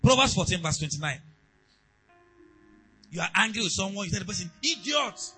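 A pastor preaching a sermon, moving between quiet asides and loud, emphatic exhortation. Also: male voice, sits high, fairly quick, soft background music, poor audio.

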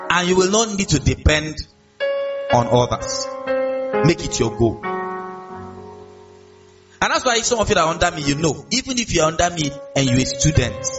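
A man with a Nigerian accent preaching a sermon as a pastor, animated, asking the congregation questions and acting out quotes. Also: sits high, far from the mic, dull audio. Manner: animated, call-and-response, acts out quotes.

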